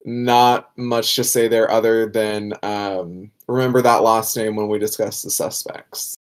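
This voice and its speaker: A man's voice: lowish voice, fairly even intonation, measured pace. A young man as a guest on a casual podcast, talking with many hesitations and wry remarks. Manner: hesitant, lots of ums, wry. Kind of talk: casual chat.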